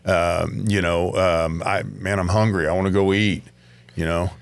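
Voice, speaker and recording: A man co-hosting a casual podcast chat, speaking in a measured, reflective way. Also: sits low, steady tone, gravelly. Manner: measured, reflective, many fillers. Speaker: podcast co-host.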